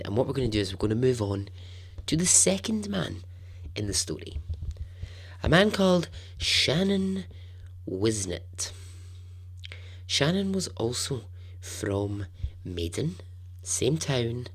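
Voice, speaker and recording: A man hosting a storytelling podcast, narrating in a chatty, animated way with asides. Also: on the low side. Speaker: podcast host.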